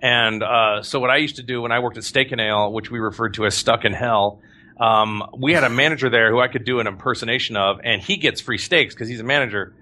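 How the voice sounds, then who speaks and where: A man who voices characters for a living, talking casually as a guest. His voice is bright and forceful. He tells his stories with lots of energy and slips in quick impressions along the way. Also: mid-range voice. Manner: animated storyteller, slips into voices. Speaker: voice actor guest. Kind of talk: casual chat.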